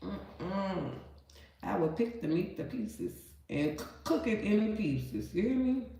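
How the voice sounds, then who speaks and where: A woman cooking vlogger chats folksily to viewers while cooking and cleaning meat in her very echoey kitchen, calling them baby and honey. Her mid-range voice is gravelly, nasal, and warm, very animated yet slow.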